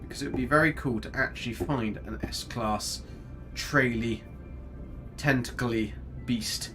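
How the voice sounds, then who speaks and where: A man's voice: mid-range voice, measured pace. A man chatting casually while streaming a game, joking, rambling and answering his chat as he plays. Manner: chatty, jokey, rambling, reads chat aloud. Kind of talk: casual live-stream commentary. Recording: faint music behind.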